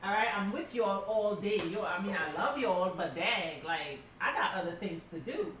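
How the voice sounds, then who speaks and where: A middle-aged woman teaching a crafting class, telling stories in a casual, animated way and calling her students y'all. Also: medium pitch, normal speed, a little hiss or hum. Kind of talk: casual class talk, storytelling. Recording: very echoey room from a distance.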